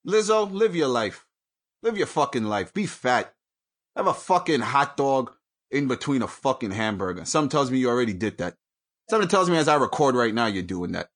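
A man hosting his own show from home, ranting angrily and with heavy profanity, jumping between loud outbursts and low mutters. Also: big pitch swings, fairly quick. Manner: angry, profane, swings from shouting to mutters. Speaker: podcast host. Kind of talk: profane solo rant.

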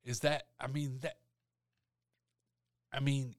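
A man's voice: medium pitch, slow, no echo, studio quality. A man hosting an interview show and trading anecdotes with his guest in a chatty, storytelling way. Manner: chatty storyteller, animated when telling anecdotes. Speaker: show host, reporter. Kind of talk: conversational interview.

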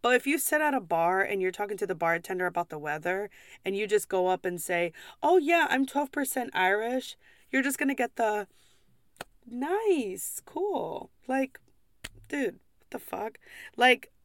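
A young woman from the United States who works as a pub server, ranting in a casual vlog with blunt swearing and quick apologies. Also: medium pitch, lively intonation, fairly bright tone, clear, resonant tone.

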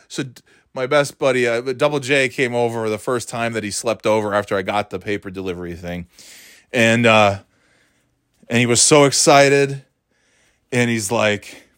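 A man's voice: lowish voice, a bit bright, smooth, dry recording. Rambling man telling a story, dry sound. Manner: rambling, self-interrupting, laughs often. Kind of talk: casual storytelling monologue.

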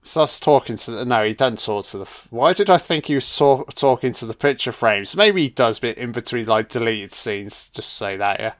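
Speaking at normal speed with hardly any pauses, a man with a mid-range voice riffs through a casual film commentary. He's excitable, swears heavily, uses lots of slang and addresses listeners as man, son and baby.

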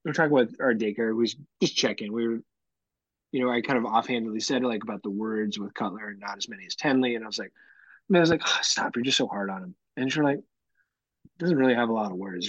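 Fast and mid-range, a man in his thirties co-hosts a podcast, chatting casually and acting out the quotes in his stories like an animated storyteller. The recording is dry, with the highs cut off.

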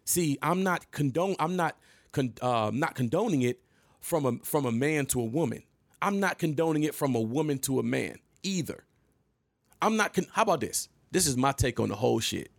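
A middle-aged man from Michigan telling a personal story in a casual monologue, animated and emphatic, acting out the scenes. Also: fairly high pitch, gravelly, no room sound, clean studio sound.

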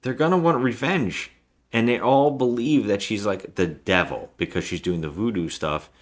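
A man's voice: fairly low pitch, moderate pace. A man co-hosting a casual film review podcast, animatedly retelling scenes and acting out the lines. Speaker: podcast co-host.

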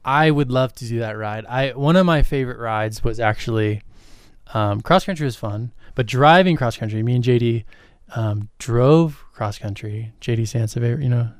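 A young man co-hosting a podcast, chatting casually in a loose, relaxed way with many fillers. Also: mid-range voice, normal speed, smooth, no echo, clean studio sound. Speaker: podcast co-host. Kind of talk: casual chat.

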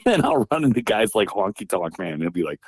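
A man from Wisconsin, a former wrestler, telling stories in a casual interview, lively and acting out the voices of people he quotes. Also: lowish voice, brisk, creaky, husky, no echo. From Wisconsin, USA. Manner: animated storyteller, acts out quoted voices, laughs often. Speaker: guest, former pro wrestler.

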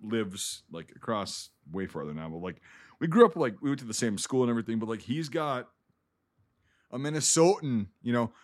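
A man's voice: medium pitch, animated, moderate pace. A man from Wisconsin co-hosting a podcast, talking in a loose, rambling way with many fillers. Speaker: podcast co-host. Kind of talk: casual chat.

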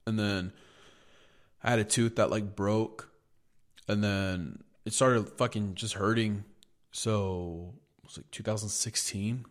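Profane low-voiced man telling stories. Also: fairly even intonation, takes it slowly, long pauses. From United States. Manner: profane, rambling storytelling. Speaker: podcast co-host. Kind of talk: casual chat.

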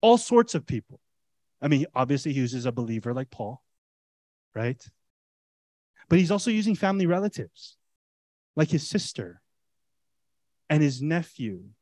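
A male pastor delivering an animated, conversational sermon, pressing his listeners with rhetorical questions. His voice sits a bit high and sounds dry and close, with little room echo. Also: normal speed, long pauses.

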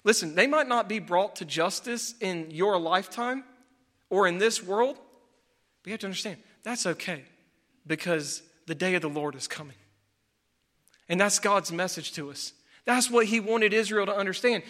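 A man preaching a sermon as pastor, telling a story with animated, exclaiming delivery. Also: high-pitched, moderate pace, big-room sound.

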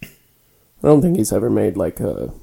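A man's voice: on the low side, huge pitch swings, unhurried, gravelly, dark tone, slightly rough. A young man co-hosting a casual podcast from a spare room, laid-back and swearing freely. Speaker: podcast co-host. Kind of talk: casual chat. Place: small spare room used as a home studio.

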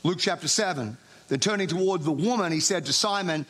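A man with a high voice for his sex preaches in a casual, chatty manner, as if talking things over with his listeners. His delivery stays plain and informal throughout. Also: a little fast, fairly bright tone. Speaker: pastor. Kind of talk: sermon.

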